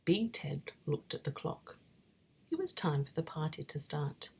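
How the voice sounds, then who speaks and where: Breathy whispering woman reading a bedtime story. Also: low-pitched, sing-song, measured pace.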